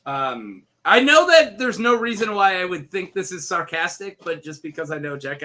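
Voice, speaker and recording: A man's voice: high voice, big pitch swings, moderate pace, bright, forceful tone. A man co-hosting a casual podcast chat, joking, laughing often and swearing casually. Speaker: podcast co-host.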